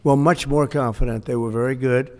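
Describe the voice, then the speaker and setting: A man's voice: medium pitch, steady tone, a little fast, warm tone, big-room sound. A man answering reporters in boastful, repetitive remarks, heard in a clip. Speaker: politician answering press. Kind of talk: press remarks.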